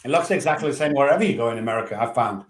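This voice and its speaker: A man's voice: mid-range voice, lively intonation, racing. A man hosting a podcast interview, talking bluntly and frankly and swearing casually. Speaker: podcast host. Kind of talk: conversational interview.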